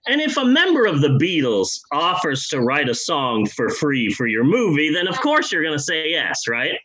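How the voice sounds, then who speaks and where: A man co-hosting a podcast, telling a comedic story in a rambling, profane, animated way. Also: a little high, moderate pace, slight background noise, poor audio. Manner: rambling, animated, profane, drops into character voices. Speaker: podcast co-host.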